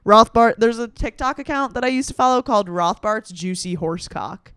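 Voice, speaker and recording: A woman's voice: fairly high pitch, expressive, a little fast, fairly bright tone, clean tone, no echo, studio quality. A woman in her twenties, talking in a playful, rambling, swearing comedic monologue. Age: 20s. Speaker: vlogger.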